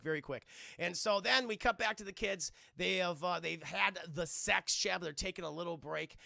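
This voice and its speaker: A man's voice: sits high, creaky, bright, forceful tone, no echo, clean studio sound. A man casually recapping a movie on a live stream, rambling and cursing and constantly addressing his chat. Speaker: film reviewer and streamer. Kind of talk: casual livestream film review.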